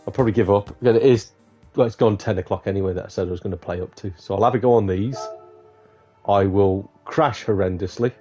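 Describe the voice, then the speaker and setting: A man's voice: on the low side, quick pace, mellow, faint music behind. A man streaming a racing game, telling crude jokes and laughing often in casual chat. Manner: jokey, laughs often, says "mate". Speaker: gaming streamer.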